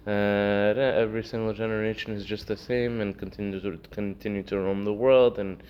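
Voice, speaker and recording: A man with a fairly low, clear, resonant voice delivers his words flatly and a little quickly. He's giving a casual Torah lesson, telling stories loaded with fillers and acting out the figures in them. Faint noise runs under the dull, lo-fi recording.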